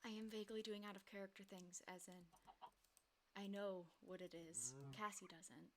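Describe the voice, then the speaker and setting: A woman's voice: mid-range voice, fairly even intonation, normal speed, a bit bright, slight background noise. A young woman casually commenting on her own game play on a livestream, chatty and giggly, talking to herself and her chat. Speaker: streamer playing a block-building game.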